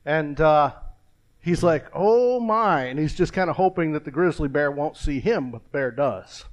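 An older man preaching a folksy, rambling sermon with a joke, pausing and restarting often. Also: on the high side. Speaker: pastor.

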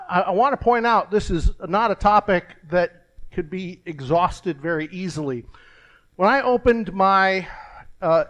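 An older man preaching a folksy, rambling sermon with a joke, pausing and restarting often. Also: sits high. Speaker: pastor.

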